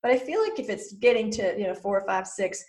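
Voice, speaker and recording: A middle-aged woman speaks as a podcast guest, mid-pitched for a woman. She talks in an animated way, slipping into little quoted voices to show her point. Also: brisk. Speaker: guest, mentor to business owners. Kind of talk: podcast interview.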